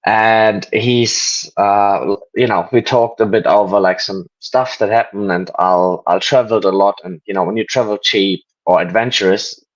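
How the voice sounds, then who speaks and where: A German-born man speaks in English in a relaxed interview, his voice sitting low. He wanders through long stories, restarting sentences and filling pauses with ums. The recording sounds dull and lo-fi. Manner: rambling storyteller, many ums and restarts. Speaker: guest. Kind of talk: casual interview.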